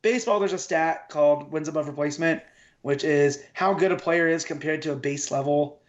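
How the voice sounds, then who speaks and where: Higher-voiced man on a dull-sounding line. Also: brisk. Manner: relaxed, agreeable, lots of backchannel "mm-hmm". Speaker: podcast co-host. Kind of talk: casual comics podcast chat.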